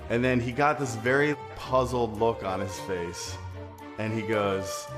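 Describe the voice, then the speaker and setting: A man telling an animated personal anecdote as an interviewed local resident, acting out his reactions. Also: lowish voice, unhurried, music in the background. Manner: lively storyteller, acts out his reactions.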